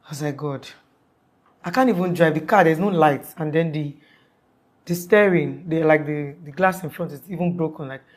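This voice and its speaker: A woman's voice: low-pitched, normal speed. Young woman retelling a tense night, rambling. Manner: acts out quoted voices, rambling with many restarts. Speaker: witness telling her story. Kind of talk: emotional storytelling in an interview.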